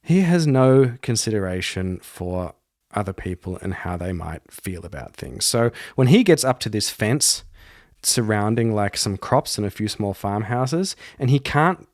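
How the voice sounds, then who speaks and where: A man's voice: on the low side, lively intonation, unhurried, dry recording, studio quality. A man hosting a podcast, narrating a solo tabletop game and thinking aloud as he rolls dice. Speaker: podcast host and solo player.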